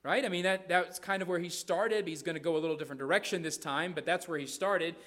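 Guy preaching a sermon, fairly high voice, keeps saying right? and repeating himself for emphasis. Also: quick pace, fairly bright tone. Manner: emphatic, asks the congregation "right?" often; repeats phrases and restarts words.

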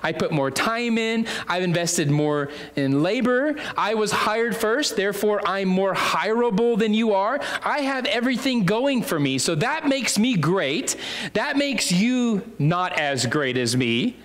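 A man's voice: high-pitched, big pitch swings, takes it slowly, few pauses, fairly bright tone, exaggerated voice. A man voicing jealous, grumbling laborers who complain in a whiny, indignant, childish way. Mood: boastful. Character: jealous grumbling hired laborers, adult men.

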